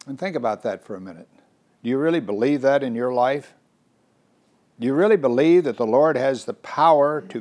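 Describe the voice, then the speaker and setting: Older male preacher, earnest and animated, mid-pitched voice. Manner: earnest, animated, rhetorical questions. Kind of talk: sermon.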